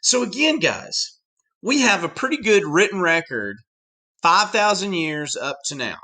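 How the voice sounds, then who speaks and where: A man's voice: high voice, unhurried. A man with a Southern US accent giving a chatty classroom lecture full of asides. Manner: animated, chatty, with many asides. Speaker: teacher.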